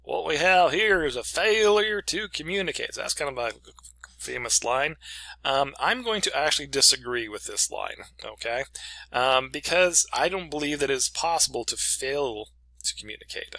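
A man's voice: medium pitch, expressive, normal speed, creaky, pushed and bright, dry recording, low-quality recording. A middle-aged man, an English professor, giving a chatty, casual lecture full of stories and "okay?" check-ins.

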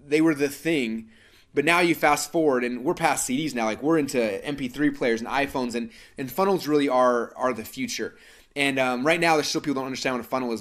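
A man's voice: medium pitch, fairly bright tone. A man in his thirties from Idaho hosting a live webinar, telling a story with lots of fillers and restarts. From Idaho, United States. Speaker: webinar host.

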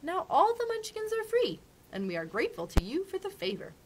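A woman reading aloud and voicing a kindly little old woman, a good witch who talks sweetly and calmly. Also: very high voice, voice pushed up, full character voice. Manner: sweet, calm, gently measured.

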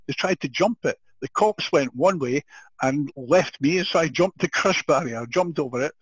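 Older man, Scottish accent, husky voice, animated storytelling, frequent laughter, dull dry recording. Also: a little high, moderate pace, no room sound. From Scotland. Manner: animated, laughs often, restarts sentences. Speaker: guest. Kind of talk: storytelling in a podcast interview.

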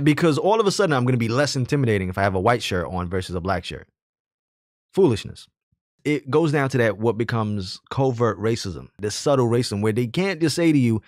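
In a medium-pitched voice recorded with clean studio sound and no room sound, a man of Jamaican heritage who was raised in the hood gives opinionated personal commentary. He's earnest and argumentative, backing his points with stories from his own working life.

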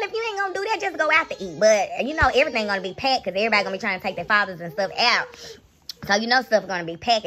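A woman's voice: a little high, bright, forceful tone. A young woman ranting bluntly and profanely in a raw live reaction vlog, mocking and scolding. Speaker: reaction vlogger.

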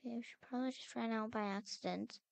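A young woman with a high, clear, smooth voice narrates her character in a role-play game. She talks slowly and calls out with growing worry as she searches. The recording is close and dry. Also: steady tone, dry recording. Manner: anxious, calling out, worried searching.

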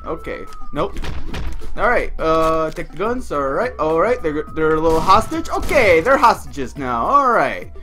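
A woman hosting a let's play, loudly swearing and shouting at the game in excitable outbursts. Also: deep voice, unhurried, soft background music. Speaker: gaming channel host.

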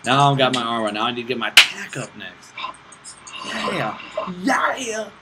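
A very noisy recording captures a medium-pitched man speaking at a quick pace. He hosts a gaming channel, casually narrating his play and shouting to teammates, bouncing excitedly from self-deprecating jokes to frustrated outbursts.

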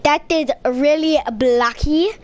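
A young woman playing a video game with a friend, bossing and joking in a playful role-play with shouty outbursts. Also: high-pitched, slow.

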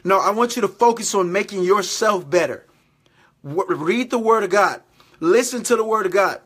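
A man's voice: high voice, lively intonation, moderate pace, fairly bright tone, husky. A man giving motivational faith talk to his camera, exhorting and repeating himself, often checking in with "all right?". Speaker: faith vlogger.

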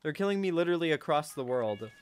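A man giving casual gameplay commentary, talking to himself and breaking into sudden high-pitched outbursts at a desk microphone. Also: animated, fast, smooth. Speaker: gaming channel host.

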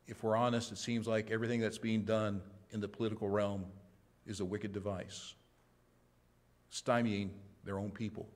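A man, a pastor, preaching a sermon with passion, swinging between loud exhortation and hushed, quiet asides. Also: fairly low pitch, little pitch movement, moderate pace.

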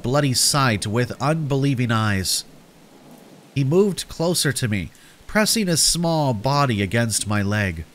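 A man's voice: medium pitch, fairly bright tone, a little hiss or hum. A man narrating a scary story in a scripted, dramatic storytelling manner.

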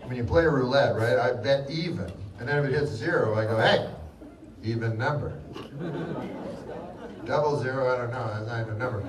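A middle-aged man doing live stand-up with a deadpan, rambling delivery and mumbled fillers, heard in a large hall with a live audience. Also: medium pitch, fairly quick, distant mic, noisy background. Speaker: stand-up comedian. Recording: roomy live hall, loud crowd laughter.

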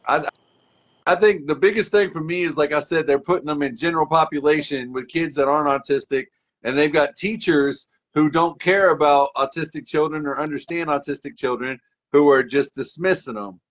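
A man's voice: a little high, moderate pace, fairly bright tone. A man, a parent, agreeing and adding points in a casual discussion. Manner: agreeable, interjecting.

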